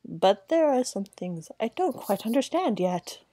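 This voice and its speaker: A woman's voice: a little high, big pitch swings, measured pace, mellow, no echo. A woman reading the lines of an earnest male professor researcher aloud in her own voice. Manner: reads game dialogue aloud, barely acted.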